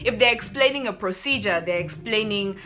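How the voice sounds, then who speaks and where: A woman's voice: mid-range voice, fairly quick. A young woman, chatting animatedly in a sit-down vlog and mimicking people. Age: 20s. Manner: animated, laughing, mimics others. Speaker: YouTuber. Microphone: phone camera.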